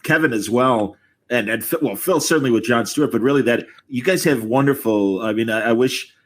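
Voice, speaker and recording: A man hosting a chat on a video call. He asks his questions haltingly, with many fillers along the way. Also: medium pitch. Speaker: host. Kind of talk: interview questions.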